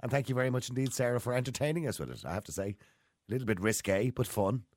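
A man's voice: medium pitch, fast, a little mellow, no echo, studio quality. A man hosting a radio chat, jokey and laughing easily. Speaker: radio host.

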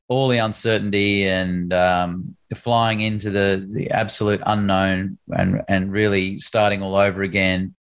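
An Australian man in his thirties, a musician answering interview questions with lots of hesitation and restarts. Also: lowish voice. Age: 30s. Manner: hesitant, many ums and restarts. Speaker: musician guest.

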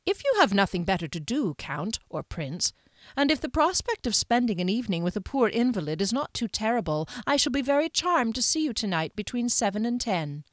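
A woman's voice: a little high, very animated, brisk, dry recording, studio quality, pitched above the performer's own voice. A woman reading a classic novel aloud voices an elegant society hostess, gracious and faintly reproachful.

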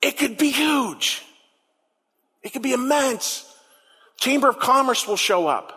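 A man preaching a sermon as pastor, telling the story with animated emphasis and repeating words for effect. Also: extremely high pitch, measured pace, long pauses, husky, in a large hall.

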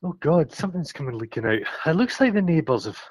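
A man from Scotland with a Scottish accent, ill and out of breath, chatting excitably and swearing freely as a podcast co-host on a phone call. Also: on the high side, fast talker, no echo. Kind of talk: casual chat on a phone call.

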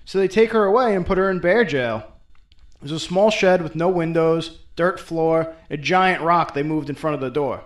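A man's voice: a little high, normal speed. A man hosting and retelling a folktale in an irreverent, profane, wisecracking way. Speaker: host and storyteller. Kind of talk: comedic folklore storytelling.

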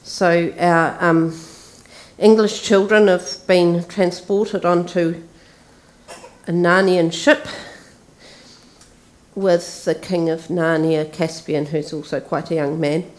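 Slow-speaking woman giving a sermon. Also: fairly low pitch. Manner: relaxed, conversational with fillers. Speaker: preacher. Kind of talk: sermon with story reading.

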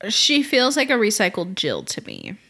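A woman's voice: mid-range voice, wildly swooping pitch, moderate pace, vocal fry, fairly bright tone. A woman in casual podcast chat, talking about a film in a playful way and quoting its scenes. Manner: playful, laughs often, quotes scenes. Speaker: podcast co-host.

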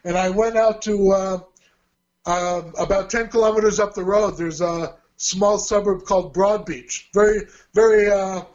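A man's voice: high-pitched, fairly even intonation, unhurried, darkish tone, dull audio. A man, a martial arts teacher and fight promoter, telling his story in an interview in a chatty way with restarts. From Australia. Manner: chatty, with restarts and quoted dialogue.

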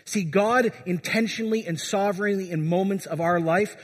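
Man, pastor, sermon, urging, husky voice, long church reverb. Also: high voice, normal speed. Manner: exhorting, asks the congregation questions.

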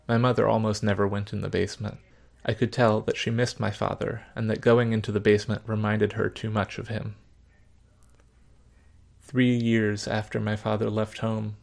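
Gravelly, flat-voiced male storyteller. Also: fairly low pitch. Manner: measured, subdued, reflective. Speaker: narrator. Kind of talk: storytelling narration.

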